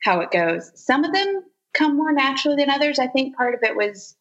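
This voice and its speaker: A woman's voice: high voice, lo-fi sound. Chatty woman voice actor guest. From Zimbabwe. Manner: chatty and animated, quick to laugh. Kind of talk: casual interview.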